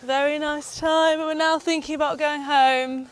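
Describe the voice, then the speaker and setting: A woman's voice: sits high, level tone, normal speed. A woman from the UK co-hosting a vlog, chatting casually while walking along a beach. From United Kingdom. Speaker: vlog co-host. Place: outdoors on a beach.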